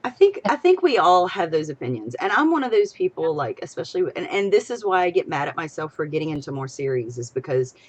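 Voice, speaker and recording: Young woman on a live stream, lowish voice, rambly and excitable, gets loud then goes quiet. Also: fast talker, few pauses, breathy edge, dull audio. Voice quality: rambling, excitable, swings between loud and soft. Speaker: podcast co-host. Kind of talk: casual live-stream chat.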